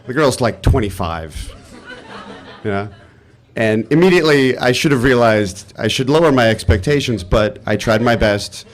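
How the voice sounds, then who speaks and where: A man telling a personal story live on stage, animated and exasperated, swearing freely. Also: medium pitch, normal speed.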